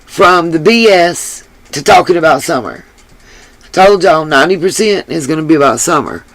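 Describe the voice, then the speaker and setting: A woman's voice: low voice, lively intonation, moderate pace, no room sound. A woman hosting a commentary channel, ranting in an angry, profane and blunt way, though she apologizes for her harsh tone. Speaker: YouTube commentary host.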